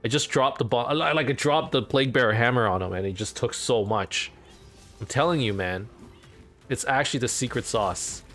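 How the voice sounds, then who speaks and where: A man hosting a let's play, casually commenting on his game in an excitable, rambling way. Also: mid-range voice, normal speed, faint music behind.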